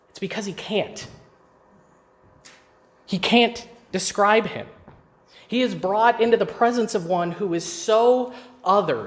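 A man preaching a sermon, teaching emphatically and asking his listeners rhetorical questions. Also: high voice. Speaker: pastor.

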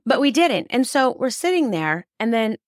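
A woman's voice: on the high side, sing-song, normal speed, dry recording. A woman co-hosting a podcast, a psychotherapist telling a personal story in casual chat, candid and swearing freely, close to the mic.

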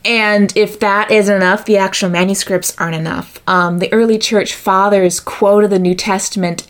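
A woman giving a methodical explanatory talk, working through examples and figures step by step. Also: fairly low pitch. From United States.

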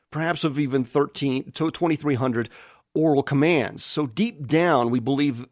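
A man's voice: mid-range voice, no echo, clean studio sound. A man preaching a sermon, reading scripture aloud and listing verse references, with some restarts.

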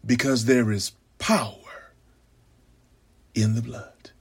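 A male preacher delivers a sermon in a high voice that leaps all over the scale. He takes his time, drawing out each phrase, then drops from loud cries to near whispers. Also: big pitch swings. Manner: dramatic swings from loud cries to hushed whispers; slow, drawn-out preaching cadence.

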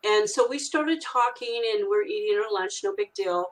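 A woman's voice: mid-range voice, lively intonation, moderate pace, poor audio. An older woman, a grandmother and children's author, telling a story in a rambling way with many fillers and restarts. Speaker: guest author. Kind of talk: casual storytelling interview.

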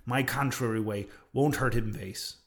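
A man voicing a calm, blunt male harpooner who speaks broken English, in a spoken storybook. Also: mid-range voice, unhurried, lightly acted.

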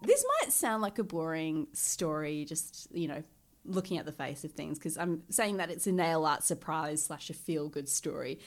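A woman co-hosting a casual chat podcast, chatty and quick to swear and laugh. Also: low-pitched, soft background music. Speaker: podcast co-host.

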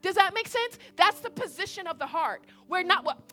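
Young woman preacher, high bright voice, chatty and animated, keeps asking the crowd questions. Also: moderate pace, faint music behind. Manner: animated, conversational, repeats points, asks audience questions. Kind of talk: sermon.

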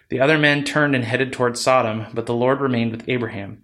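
A man hosting a podcast, reading Bible passages aloud in a plain, steady voice. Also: mid-range voice, brisk, hardly any pauses. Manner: plain steady narration, casual with fillers in sign-off. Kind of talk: scripture reading.

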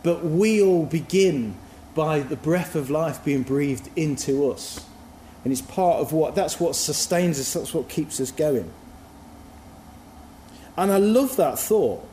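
A man's voice: a little high, lively intonation, a little slow, warm tone, reverberant, slight background noise. A man giving a sermon in a reflective, musing, conversational way. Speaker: preacher.

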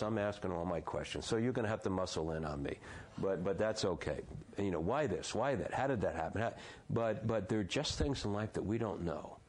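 A man in his sixties telling a personal story as an interview guest, halting often and repeating words as he restarts. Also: low-pitched, a little mellow. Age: 60s.

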